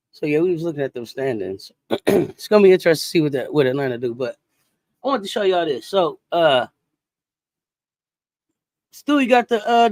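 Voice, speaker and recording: A woman hosting a casual sports talk livestream, animated and chatty, greeting viewers and reacting to chat comments. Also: medium pitch, dry recording. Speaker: sports talk show host.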